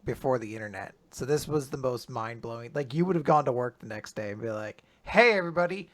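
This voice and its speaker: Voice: medium pitch, brisk. A podcast co-host chatting casually, with joking, sarcastic asides. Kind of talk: casual banter.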